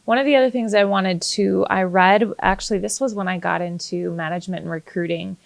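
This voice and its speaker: A woman real estate agent co-hosting a podcast, talking fast in casual chat. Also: medium pitch, steady tone, vocal fry, no echo.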